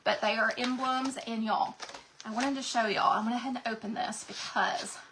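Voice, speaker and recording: A woman's voice: a little high, steady tone, moderate pace, a bit bright, slight background noise, low-quality recording. A woman hosting a craft livestream, chatting and gushing to viewers, her voice cracking from a sinus infection. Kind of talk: casual livestream chat to viewers.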